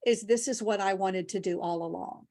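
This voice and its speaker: A woman with a mid-range voice, speaking at normal speed, appears as a guest and keynote speaker in a conversational interview. She tells her own story animatedly, becoming emotional at times.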